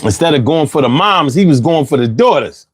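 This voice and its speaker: A man's voice: a little high, animated, a little fast. A man hosting a casual livestream, reading out chat comments in a loose, slangy way and laughing often, a little bothered by allergies.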